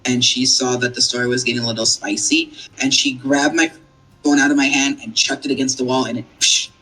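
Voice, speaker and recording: A man as an interview guest, retelling personal stories in a rambling, animated way. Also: medium pitch, brisk, rough recording. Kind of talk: casual storytelling.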